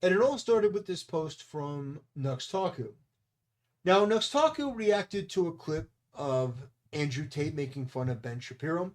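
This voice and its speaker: A man hosting his own commentary channel, talking through an online argument in a blunt, combative way. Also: on the high side. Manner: blunt and combative, insulting and dismissive. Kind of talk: opinion commentary monologue.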